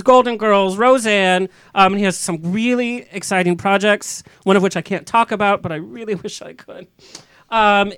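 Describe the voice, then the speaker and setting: A man hosting a podcast, telling stories in a casual, animated way and laughing often. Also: sits high, smooth, dry recording. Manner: chatty, laughing, animated storyteller. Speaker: podcast host. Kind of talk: casual chat.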